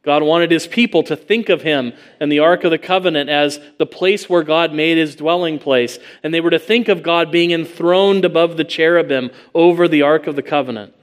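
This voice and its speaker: A man's voice: fairly high pitch, moderate pace, few pauses. A man preaching an expository sermon, earnest, asking rhetorical questions and reading scripture aloud.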